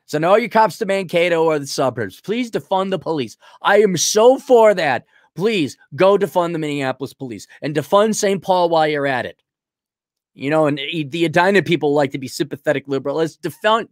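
A man's voice: fairly high pitch, lively intonation, brisk, dry recording, studio quality. Sarcastic rambling male streamer. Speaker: stream host reading donations. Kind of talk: casual livestream chat.

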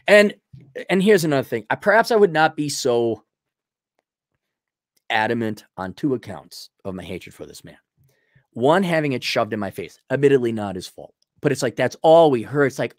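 A man hosting a show, answering viewer questions in a heated, profane rant full of halting restarts. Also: medium pitch, expressive, no echo, studio quality. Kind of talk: ranting commentary.

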